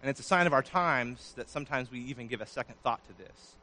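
A man preaching a sermon, his voice swelling loud and then dropping low. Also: quick pace. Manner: preaching with sudden swells and drops in loudness. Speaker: pastor.

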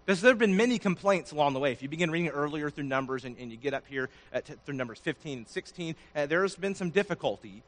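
A man preaching a sermon, his voice swelling loud and then dropping low. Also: lively intonation, quick pace, few pauses. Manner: preaching with sudden swells and drops in loudness. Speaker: pastor.

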